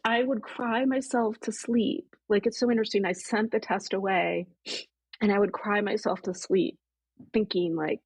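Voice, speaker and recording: A woman's voice: mid-range voice, moderate pace, slightly rough, no echo, low-quality recording. A woman, a podcast guest, earnestly retelling an emotional personal story and voicing her own past thoughts. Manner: earnest, animated retelling with quoted inner thoughts.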